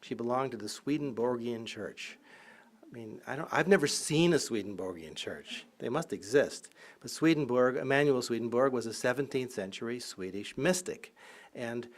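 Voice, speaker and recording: Speaking at medium pitch and normal speed, a man delivers a public lecture as a college professor, full of humor and anecdotes. His manner is lively and irreverent, with frequent laughter and irreverent asides.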